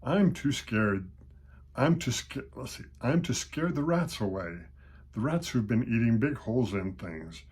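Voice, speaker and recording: Older man doing a gentle curious kitten. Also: medium pitch, expressive, measured pace, husky. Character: friendly young male kitten.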